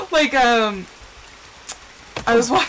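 A woman's voice: a little high, fairly bright tone, a little hiss or hum, poor audio. A woman from the Southwest, chatting casually while playing a game and talking to herself between fillers. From Southwestern United States. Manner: rambling, chatty, talks to herself, many fillers. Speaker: streamer. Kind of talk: casual gameplay chat.

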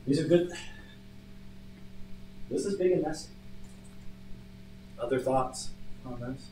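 A man's voice: medium pitch, slow. A man leading a church Bible study, talking in a loose, conversational way and leaning hard on key words as he tells a story. He sounds some distance from the mic in an echoey room, with a faint hum underneath. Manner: conversational, storytelling, animated emphasis. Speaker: pastor.

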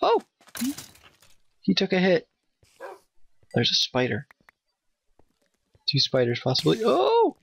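A man giving nervous, excitable let's play commentary, talking to his in-game dog. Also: high-pitched, slow, vocal fry, long pauses, slight background noise. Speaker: gamer playing a Minecraft map. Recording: dull, dry home mic.

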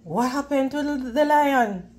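A woman reading a storybook aloud to children, slowly and clearly, pausing to ask them questions and praise them. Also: high voice, animated, darkish tone. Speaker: children's read-aloud narrator.

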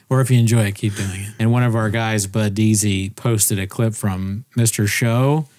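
A man's voice: fairly low pitch, fairly even intonation, moderate pace, a little mellow. A man co-hosting a comedy podcast, riffing crudely and rambling in a mock-serious way. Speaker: podcast co-host. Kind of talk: casual comedy chat.

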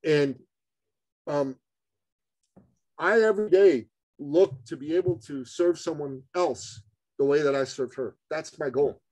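A man telling a story as a podcast guest, animated and addressing the host as brother. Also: a little high, measured pace, pauses often, no room sound, low-quality recording.

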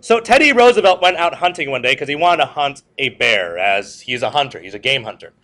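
A man's voice: mid-range voice, lively intonation, a little fast, sharp tone. A male history teacher giving a classroom lecture. He tells stories with jokes and puts questions to the class. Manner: joking, storytelling, asks the class questions.

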